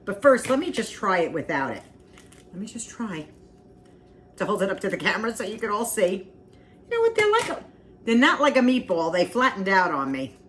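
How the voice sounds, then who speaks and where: A woman's voice: medium pitch, sing-song, a little fast, long pauses, a little hiss or hum. A woman hosting a casual cooking vlog, homey and talkative, repeating herself and humming as she tastes. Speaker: cooking vlogger.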